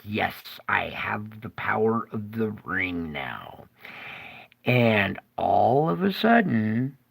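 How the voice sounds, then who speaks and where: A man telling a dramatic vision in a casual, animated monologue, with frequent restarts. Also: medium pitch, vocal fry. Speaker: video storyteller.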